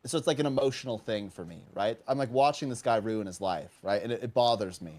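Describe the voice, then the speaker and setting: On a live stream, a teacher casually tells a story, animatedly acting out both sides of the conversation. His voice is fairly low and fast.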